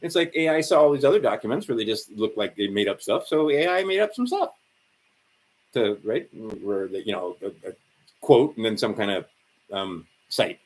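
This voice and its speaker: A man's voice: on the low side, sing-song, normal speed. A man ranting sarcastically and profanely on a livestream, rambling and tired. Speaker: livestream host.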